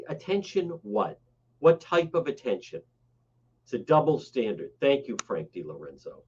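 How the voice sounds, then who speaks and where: A man's voice: a little high, a little mellow, husky. A man hosting a radio talk show, delivering a blunt, sarcastic and scolding monologue from the studio. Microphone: studio broadcast mic. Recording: muffled radio broadcast audio.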